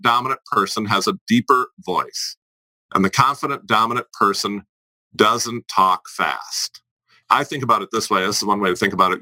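A man coaching his listeners as a podcast guest, with a bright, forceful tone. He talks deliberately and leans on repeated phrases for emphasis. The sound is dry and close. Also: lowish voice, no room sound, low-quality recording. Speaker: presentation coach.

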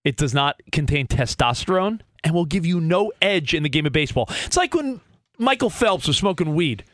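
Animated high-voiced radio co-host. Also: male voice, normal speed, dry recording, clean studio sound. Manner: animated, mock-earnest, jumps in over his partner. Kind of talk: sports talk radio banter. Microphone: studio microphone.

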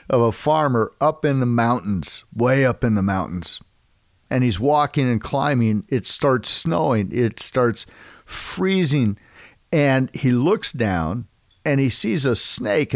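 A male host and preacher giving a devotional talk with emphatic phrasing. His voice sits at a middling pitch. He is recorded close and dry, with no room echo. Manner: emphatic, repeats key phrases slowly. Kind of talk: devotional men's ministry talk.

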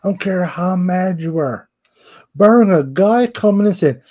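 Middle-aged man, blunt wrestling podcast chat, mellow tone, slightly raised pitch, swears freely. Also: lively intonation, a little slow. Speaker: podcast co-host.

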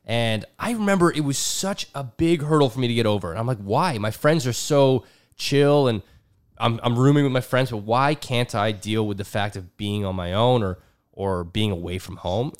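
A young man co-hosting a casual podcast. His voice is middle-pitched and ordinary, and he talks in a relaxed, candid way with loose fillers. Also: moderate pace, clean tone. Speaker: podcast co-host.

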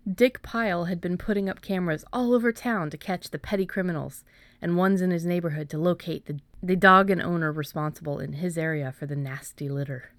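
A woman, an author, reading her own story aloud in a measured way and then chatting about it with hesitant fillers. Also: on the low side, fairly even intonation, no echo. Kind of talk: storybook narration, then casual chat.

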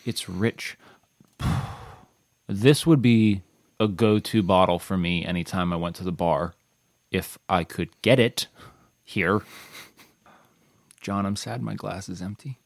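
Effusive low-voiced man at a tasting. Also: slow pace, creaky, long pauses, no room sound, studio quality. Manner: effusive, playfully dramatic. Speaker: whiskey podcast co-host. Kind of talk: casual tasting chat.

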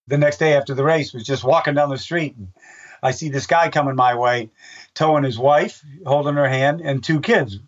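Older man rambling through stories, distant. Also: a little high. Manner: rambling, with many restarts and fillers; acts out voices in his anecdotes. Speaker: race announcer. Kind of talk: casual interview storytelling. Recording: dull, distant-sounding recording.

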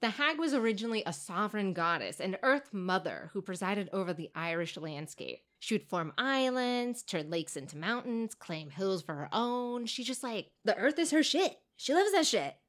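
A woman's voice: mid-range voice, very animated, normal speed, few pauses, fairly bright tone. A woman co-hosting a podcast, telling a story in a playful, giggly way and slipping into voices. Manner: playful, giggly, tells stories with put-on voices. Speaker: podcast co-host. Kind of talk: casual comedic chat and storytelling.

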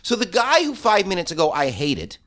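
A man guest on a podcast, talking loudly and quickly and acting out the people in his stories. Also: high voice, wildly swooping pitch. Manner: loud, fast, acts out voices in his stories. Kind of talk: animated storytelling.

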